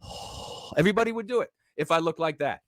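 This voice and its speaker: A male livestream host ranting at his audience, combative and profane, sometimes rising to shouts. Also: fairly high pitch, racing, dry recording, clean studio sound. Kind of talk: livestream rant.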